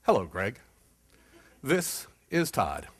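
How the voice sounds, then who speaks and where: A man voicing a slow, monotone man on the phone, drawing every word out. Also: medium pitch, slightly rough, dry recording, voice pushed down, heavily acted. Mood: flat. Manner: very slow, drawn-out and flat.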